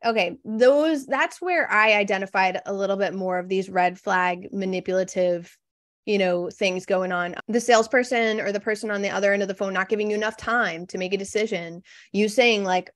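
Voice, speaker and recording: A woman's voice: mid-range voice, fairly quick, no echo, studio quality. A woman copywriter as a podcast guest in casual interview chat, frank and reflective, with many "you know" fillers.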